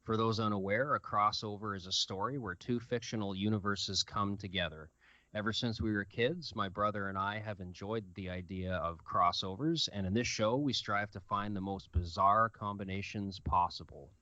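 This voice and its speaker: Bright-voiced man reading a story. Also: on the low side, steady tone, normal speed, no room sound, dull audio. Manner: casual, with fillers. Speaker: host and narrator. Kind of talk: reading fan fiction aloud.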